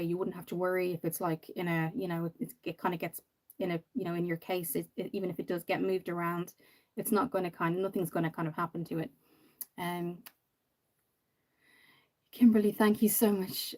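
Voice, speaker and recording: Reading out viewer comments on her makeup livestream, a woman rambles casually, dropping plenty of ums and "you know." She speaks with a lowish, darkish voice.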